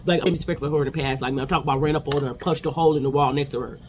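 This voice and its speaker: A woman's voice: low voice, fairly even intonation, racing, noisy background. A woman in her forties giving a chatty, opinionated casual recap of reality TV episodes.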